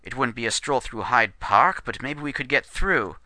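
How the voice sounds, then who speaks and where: A man puts on a composed young Lakota man with a stuffy English accent, every word formal and dignified. The tone stays bright and present, and the recording is close and dry with no room around it. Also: medium pitch, animated, normal speed, dry recording. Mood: solemn. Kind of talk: storytelling character voice.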